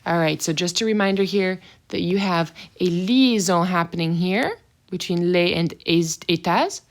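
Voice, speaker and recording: A woman teaching French in a recorded video lesson, explaining step by step and slowing down to model pronunciation. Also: lowish voice. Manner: patient, slows down to model pronunciation.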